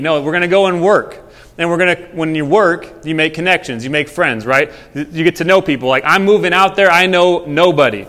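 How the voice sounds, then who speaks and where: A man's voice: on the high side, a bit bright. Casual young preacher man, echoing hall. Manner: conversational, storytelling. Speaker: pastor. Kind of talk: casual sermon. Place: church hall. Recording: long hall reverb.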